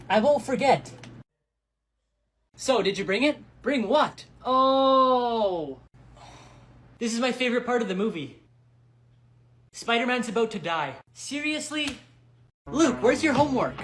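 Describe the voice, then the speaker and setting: A woman performing quick comedy skits, delivering deadpan punchlines. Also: on the high side. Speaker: skit comedian.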